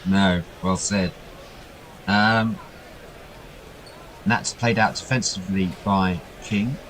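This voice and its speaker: A man giving chatty ball-by-ball cricket commentary, getting excited when the ball reaches the boundary. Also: deep voice, takes it slowly, slight background noise, low-quality recording.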